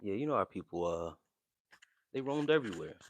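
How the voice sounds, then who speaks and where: A man's voice: on the low side, big pitch swings, a little fast, slight background noise. A man, hosting a livestream and chatting loosely with his chat, full of fillers and slang. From New Jersey. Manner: laid-back, loose slangy talk with many fillers. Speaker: livestream host reading chat.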